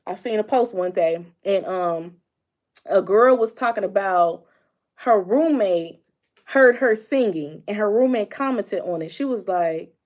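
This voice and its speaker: A bubbly young woman talks straight to her viewers in a casual vlog chat about relationships. She is animated and expressive, laughing often as she goes. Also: mid-range voice, measured pace. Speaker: vlogger giving relationship advice. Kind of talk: casual direct-to-camera chat.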